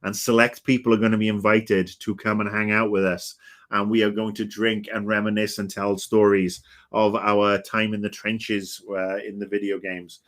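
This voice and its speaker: A man's voice: fairly low pitch, level tone, moderate pace, a bit bright. A man in his fifties hosting a livestream, chatting in a rambling, grumpy, swearing way full of ums and uhs. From Britain. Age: 50s. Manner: rambling, grumpy and profane, with many fillers. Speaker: livestream host. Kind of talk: casual chat.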